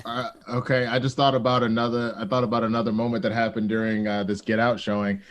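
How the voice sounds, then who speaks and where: Excitable laughing male co-host. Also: mid-range voice, fast. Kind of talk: casual chat.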